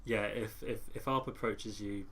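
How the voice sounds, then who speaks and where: A man's voice: fairly low pitch, fairly even intonation, measured pace, a bit bright, slightly rough. A man bantering and teasing during a casual online group meeting.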